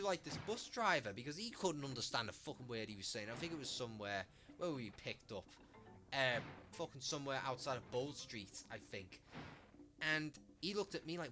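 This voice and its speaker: Teen Scouse male streamer, sweary rambler, bright forceful tone, middle pitch. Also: sing-song, moderate pace, faint music behind. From Liverpool, England. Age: late teens. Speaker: live streamer. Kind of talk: casual live-stream chat.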